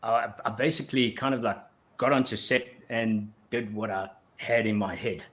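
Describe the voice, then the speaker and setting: A man's voice: on the low side, steady tone, normal speed, fairly bright tone. A man from Africa, telling his story as a guest on a casual interview show, full of restarts. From South Africa. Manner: rambling with frequent restarts. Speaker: guest actor.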